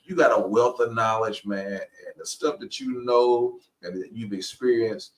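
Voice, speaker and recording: A man co-hosting a podcast, chatting in a relaxed, colloquial way and often agreeing with his partner. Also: medium pitch, unhurried. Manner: relaxed, colloquial, frequent affirmations. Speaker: podcast co-host. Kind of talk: casual conversation. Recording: distant mic.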